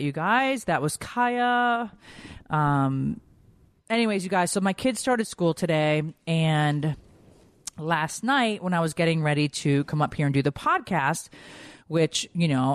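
A woman's voice: low voice, no echo. A woman in her forties from Connecticut hosting a podcast in a rambling, emotional, casual chat. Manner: chatty, rambling, emotional, many fillers. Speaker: podcast host.

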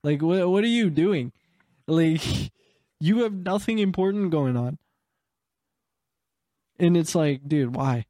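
A man's voice: a little high, expressive, takes it slowly, long pauses, warm tone, no room sound, clean studio sound. A young man casually telling work stories, rambling, full of fillers and swearing. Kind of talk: casual chat.

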